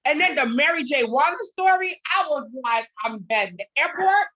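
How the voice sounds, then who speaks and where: A woman hosting a casual interview, eagerly reacting with quick interjections. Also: high-pitched, animated, pushed and bright. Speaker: show host.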